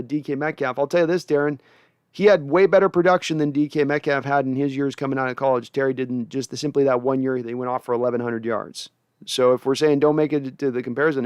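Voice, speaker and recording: A man's voice: mid-range voice, smooth, no echo, studio quality. A man hosting a casual livestream, breaking down football players in a rambling way with many restarts. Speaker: host. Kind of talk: casual livestream sports analysis.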